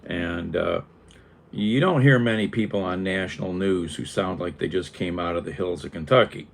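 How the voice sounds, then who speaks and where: An older man from Northeast Ohio with a flat Northeast Ohio accent, chatting casually with live viewers, wry and sarcastic, chuckling as he rambles. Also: sits low, moderate pace, gravelly. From Northeast Ohio, USA.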